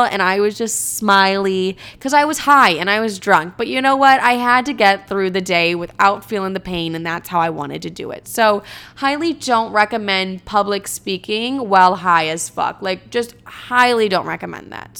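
Young adult woman, vlogger, clear resonant tone, loose animated storytelling with profanity. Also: medium pitch. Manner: animated, swearing, self-mocking. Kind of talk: casual storytime monologue.

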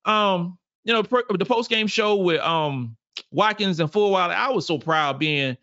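A man from South Carolina, hosting a casual postgame show, animated and prone to repeating phrases. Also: high-pitched, unhurried, no echo, muffled recording. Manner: animated, repeats phrases, reads viewer comments. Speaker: podcast host.

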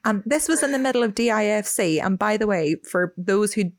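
A woman's voice: mid-range voice, animated, a little fast, no room sound, studio quality. A young woman with a Northern Irish accent, co-hosting a podcast and telling a frank, sweary story. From Northern Ireland. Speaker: podcast co-host. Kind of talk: casual chat.

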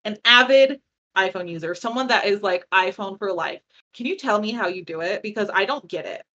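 A woman co-hosting a podcast, joking around in an animated, exasperated casual chat. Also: mid-range voice, a little fast, muffled recording. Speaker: podcast co-host.

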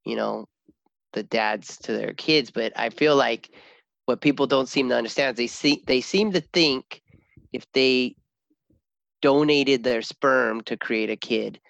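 A man with a gravelly, creaky voice talks in a loose, rambling way, laughing often and acting out his daughter's lines. The sound is dry and close, with no room echo. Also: mid-range voice, unhurried, a bit bright, muffled recording. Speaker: father, co-host. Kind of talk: casual podcast chat.

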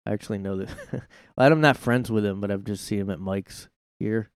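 A man's voice: fairly low pitch, normal speed, smooth, dry recording, clean studio sound. Sarcastic rambling man ranting solo. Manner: rambling, sarcastic, swears freely. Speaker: podcast host. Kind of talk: casual solo commentary rant. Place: his own room at home.

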